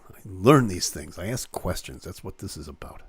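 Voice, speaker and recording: A man's voice: sits low, lively intonation, normal speed, breathy edge. A man hosting a live online show, casually reading celebrity news aloud with playful jokes and asides.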